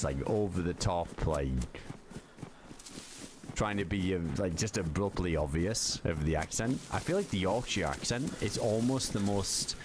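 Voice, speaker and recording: A man's voice: low-pitched, lively intonation, moderate pace. A man streaming a survival game, chatting loosely with lots of fillers and swearing. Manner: rambling, filler-heavy, swears casually. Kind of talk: casual gaming livestream chat. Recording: constant background noise.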